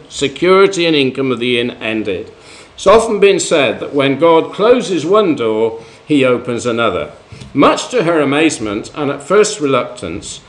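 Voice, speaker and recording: A man preaching a sermon, telling life stories, rising for emphasis and dropping low at the end of each point.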